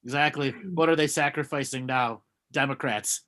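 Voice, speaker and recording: A man's voice: mid-range voice, steady tone, moderate pace, pushed and bright. A man hosting a casual comedy show, cutting in with short, blunt remarks and corrections. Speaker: host.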